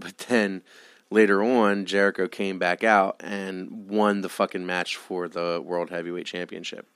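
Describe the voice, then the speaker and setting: A man with a lowish voice hosts a solo podcast, cursing freely as he rants with mounting exasperation. He keeps repeating his pleas over and over. The sound is dry and close, with no room around it. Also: a bit bright, clean tone, dry recording. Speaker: podcast host. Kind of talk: solo wrestling podcast rant.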